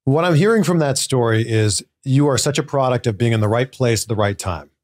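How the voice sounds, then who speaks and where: A man hosts a casual sit-down interview. He speaks at a middle pitch and shows plain enthusiasm as he reacts to his guest. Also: brisk, a little mellow. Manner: enthusiastic and complimentary. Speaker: interview host.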